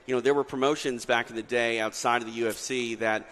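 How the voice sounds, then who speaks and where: A man's voice: medium pitch, steady tone, fast, fairly bright tone, long reverb tail. A man hosting a live talk show, easygoing and chatty with many fillers. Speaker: host. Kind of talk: casual chat.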